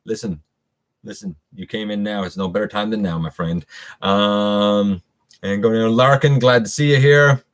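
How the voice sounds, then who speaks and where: A man's voice: on the low side, moderate pace. A middle-aged man hosting a casual live stream, chatting loosely with viewers and reading their comments, with many fillers and restarts.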